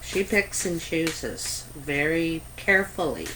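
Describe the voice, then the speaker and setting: A woman's voice: deep voice, lively intonation, slow pace, background noise. A Canadian woman giving a casual tarot reading to camera, chatty and meandering, with many ums and asides. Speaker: tarot reader.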